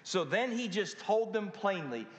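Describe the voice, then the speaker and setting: A man preaching a sermon in a church, pausing dramatically and firing rhetorical questions at the congregation. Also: high-pitched, sing-song. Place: church sanctuary. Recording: echoey hall with long reverb.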